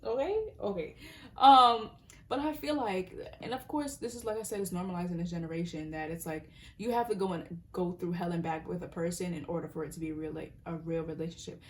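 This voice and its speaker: Speaking briskly in a lowish voice, a young tarot reader gives an informal reading. Her delivery is rambling and sincere, full of self-interruptions, occasional laughter and sudden whispers.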